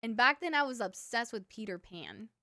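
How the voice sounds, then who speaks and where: In studio-quality audio with no echo, a young woman from a Cuban family tells her livestream chat meandering, filler-packed childhood stories and laughs along as she goes. Her voice sits a little high and comes across very animated, bright, and forceful at a moderate pace.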